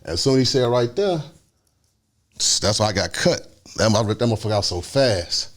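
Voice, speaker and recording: A man, telling a story in a casual interview, animated and acting out the other people's voices. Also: fairly low pitch, moderate pace. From Chicago. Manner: animated, acts out voices, swings between loud and hushed. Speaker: guest storyteller.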